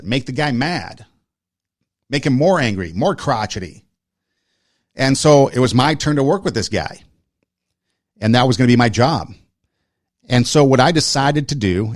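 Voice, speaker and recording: Recorded in studio quality without room sound, a man with a medium-pitched voice hosts a podcast and shares a personal story. His casual talk is earnest, built from short listing phrases and repeated words for emphasis.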